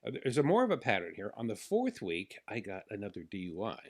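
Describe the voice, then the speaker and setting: A man's voice: lowish voice, fast. Man telling a rambling personal story. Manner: animated, acts out the people in his stories. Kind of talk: casual anecdotal storytelling.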